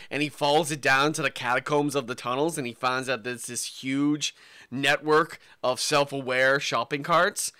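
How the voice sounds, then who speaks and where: A British man co-hosting a comedy podcast, pitching silly movie ideas in casual chat. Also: steady tone, moderate pace, bright, forceful tone, clear, resonant tone, no room sound, clean studio sound. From Britain. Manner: jokey, pitches ideas and slips into silly voices. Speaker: podcast co-host.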